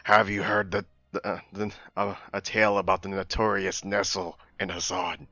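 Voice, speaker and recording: A man playing a tabletop game, slow and hesitant, stammering as he looks things up. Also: deep voice, little pitch movement, sharp tone, no echo, dull audio. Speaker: player. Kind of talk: casual tabletop play.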